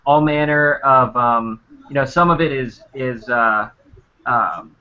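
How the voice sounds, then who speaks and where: A man's voice: mid-range voice, slow pace. A man narrating a tabletop game as dungeon master, rambling with many fillers. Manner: rambling, full of ums and you-knows. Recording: dull lo-fi sound.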